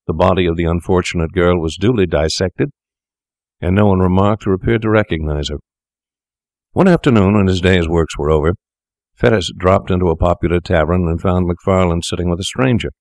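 Deep-voiced male audiobook narrator. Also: darkish tone, no echo, studio quality. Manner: measured, formal storytelling. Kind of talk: scripted narration.

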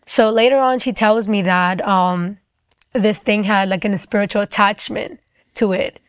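A woman's voice: mid-range voice, steady tone, unhurried, clean tone, dry recording. Young woman, casual testimony, dry close sound, chatty fillers. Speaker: storyteller. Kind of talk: personal testimony.

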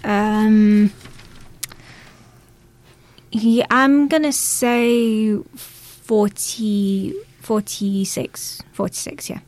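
A woman's voice: medium pitch, steady tone, very slow, pauses often, darkish tone. A woman with a Scouse accent, chatting casually on a panel and telling rambling stories. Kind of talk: casual chat.

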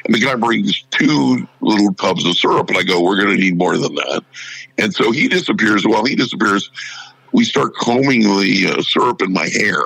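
Male storyteller, low and gravelly, animated, dry close sound. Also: normal speed, no echo, low-quality recording. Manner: animated storyteller acting out quoted voices. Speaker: radio morning show personality. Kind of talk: casual storytelling interview.

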